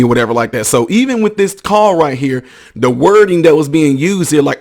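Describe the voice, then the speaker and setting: A man's voice: medium pitch, expressive, moderate pace. A man hosting a commentary video, talking emphatically, acting out quotes and checking that listeners follow him. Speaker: ministry counselor.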